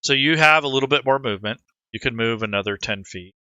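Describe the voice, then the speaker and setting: A man acting as game master in an online tabletop game, narrating scenes in a relaxed, rambling way and talking players through the rules. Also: medium pitch, fast talker, clean tone, no room sound, muffled recording.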